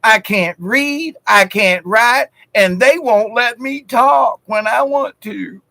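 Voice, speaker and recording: A man voicing a blunt little girl, speaking slowly in a raised childish tone. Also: high-pitched, gravelly, bright, forceful tone, no echo, pitched above the performer's own voice, heavily acted. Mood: sulky.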